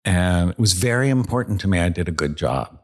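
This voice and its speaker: A man who is a psychiatrist hosting a podcast interview, talking in an earnest, reflective, measured way. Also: low-pitched, expressive.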